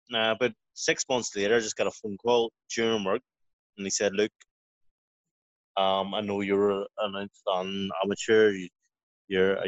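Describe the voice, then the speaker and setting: Low-voiced man telling a rambling story. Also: dry recording. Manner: rambling, swearing, full of restarts. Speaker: guest, professional boxer. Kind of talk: casual storytelling interview. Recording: dry, dull lo-fi audio.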